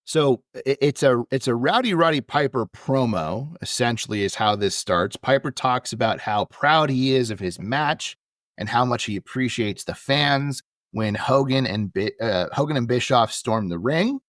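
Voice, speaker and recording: A man's voice: medium pitch, animated, moderate pace, fairly bright tone, no room sound. A man co-hosting a casual podcast, recapping events with dry, wry sarcasm. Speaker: podcast co-host.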